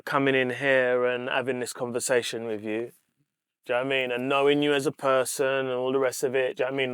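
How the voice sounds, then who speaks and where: A man's voice: mid-range voice, fairly bright tone, clear, resonant tone, no room sound, clean studio sound. A man with a London accent hosting a podcast, talking earnestly in casual street slang and repeating his phrases. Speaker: podcast host. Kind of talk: casual chat.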